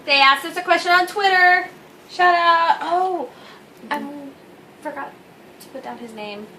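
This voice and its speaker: Young woman co-host, bright sharp voice, dry blunt humor, faint hum. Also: extremely high pitch, measured pace, rough recording. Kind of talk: casual chat.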